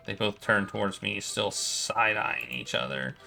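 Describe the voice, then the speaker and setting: Gravelly low-voiced male streamer. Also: expressive, sharp tone, soft background music. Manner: quick, casual narration with stumbles. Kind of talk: reading game text aloud.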